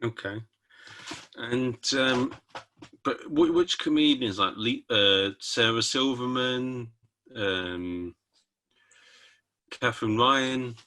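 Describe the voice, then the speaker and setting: A man's voice: medium pitch, slow pace, pauses often, bright, forceful tone. A man hosting a podcast interview, asking short questions with joking asides. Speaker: podcast host.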